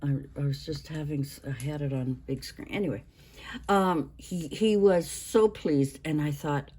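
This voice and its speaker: Slow, low-voiced older woman rambling. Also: mellow, breathy edge. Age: 60s. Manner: rambling, halting, with many restarts and fillers. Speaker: craft channel host. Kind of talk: casual show-and-tell vlog.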